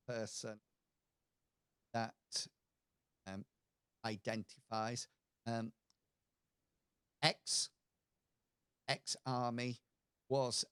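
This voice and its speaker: A male game master narrating a tabletop role-playing game slowly, stopping often for fillers and restarts. His voice is smooth and resonant. The sound is dry and close. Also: medium pitch, a bit bright, no echo. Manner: hesitant, many fillers and restarts.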